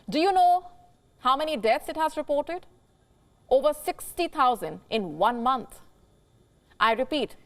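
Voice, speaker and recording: A woman news anchor delivering scripted commentary emphatically, quoting experts and posing rhetorical questions to the viewer. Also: a little high.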